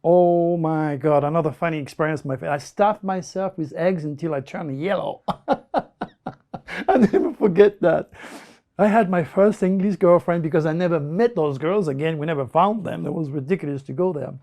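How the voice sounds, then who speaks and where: A man with a French accent telling his life story in broken English, animated and repeating words as he goes. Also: a little high, moderate pace. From France. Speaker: interviewee. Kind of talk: personal storytelling.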